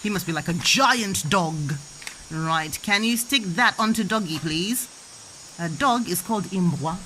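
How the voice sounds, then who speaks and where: A woman's voice: fairly low pitch, lively intonation, measured pace, fairly bright tone, a little hiss or hum. A young adult woman, a mother playfully teaching her child words with toys, sing-song and making animal sounds. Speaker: parent teaching Shona words.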